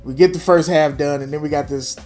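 A man's voice: on the high side, fairly even intonation, brisk, a little mellow, soft background music. Blunt, profane man in sports banter. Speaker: podcast co-host. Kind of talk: casual sports chat.

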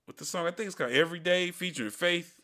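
A man's voice: high-pitched, fast talker, bright, forceful tone. A man co-hosting a podcast in casual, joking banter, often laughing. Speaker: podcast co-host. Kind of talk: casual chat.

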